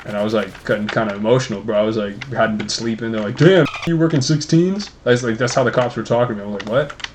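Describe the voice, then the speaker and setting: A man's voice: fairly low pitch, level tone, very fast, hardly any pauses, slight background noise. A young man co-hosting a casual podcast, telling rambling, profane stories between games. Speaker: podcast co-host. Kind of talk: casual chat while gaming.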